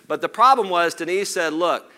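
A middle-aged man from Lower Alabama speaks in a Southern accent, telling stories to an audience from an event stage. His voice is bright and forceful, smooth and resonant, and he sits a little high. He talks in a folksy, animated way, full of jokey asides. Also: moderate pace. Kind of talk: storytelling keynote talk.

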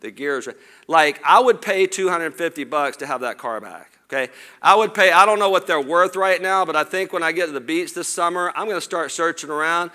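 A man's voice: a little high, brisk. Folksy Southern man telling stories on stage. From Lower Alabama. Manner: folksy, animated, jokey asides. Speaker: business speaker at an event. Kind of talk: storytelling keynote talk. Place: event stage before an audience.

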